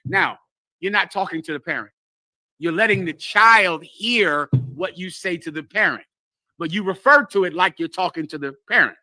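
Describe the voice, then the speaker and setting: Guy preaching to a crowd, high tense voice, really emphatic, acts out quotes. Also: expressive, moderate pace, sharp tone, no echo. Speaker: religious teacher. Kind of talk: street scripture teaching.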